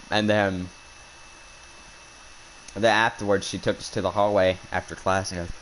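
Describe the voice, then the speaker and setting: Young guy out hunting, rambly ranty storytelling, kinda low voice. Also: steady tone, fairly quick, pauses often, a little hiss or hum, poor audio. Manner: rambling, indignant, restarts a lot. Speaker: hunting vlogger. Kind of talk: casual storytelling. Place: outdoors while hunting.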